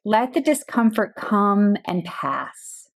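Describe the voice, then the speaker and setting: A woman hosting a coaching podcast, speaking in a calm, direct scripted monologue with rhetorical questions. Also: mid-range voice, slow pace. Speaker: burnout and boundaries coach, podcast host.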